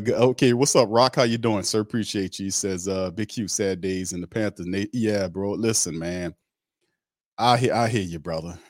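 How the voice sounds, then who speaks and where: A man hosting a casual live-stream sports chat, reading out chat names and talking in an animated, repetitive way. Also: sits low, dry recording, clean studio sound. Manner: animated, repeats himself, reads chat shout-outs. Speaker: host.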